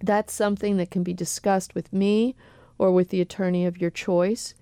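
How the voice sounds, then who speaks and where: A woman attorney answering questions on a radio talk show in a careful, measured way with frequent pauses. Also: medium pitch, flat delivery, warm tone, clean tone, no echo, studio quality. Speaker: attorney guest.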